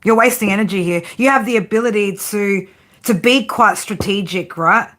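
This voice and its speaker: A woman giving a tarot reading, blunt and profane, often tagging her points with a quick "right?". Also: mid-range voice, a bit bright. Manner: frank tough-love delivery. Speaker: tarot reader.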